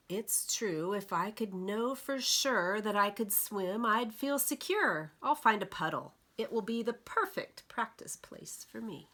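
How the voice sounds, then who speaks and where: Give me a gentle woman reading picture books to toddlers, unhurried. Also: medium pitch. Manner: gentle, expressive storyteller for toddlers. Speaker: children's librarian.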